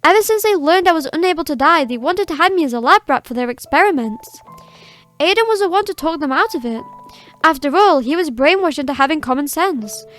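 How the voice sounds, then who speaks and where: A woman's voice: high voice, animated, fairly quick, fairly bright tone, soft background music. A woman voicing a cheerful, morbid immortal young girl, reading video game dialogue in a sweet, teasing manner. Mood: reflective. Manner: sweet, teasing, unbothered by death.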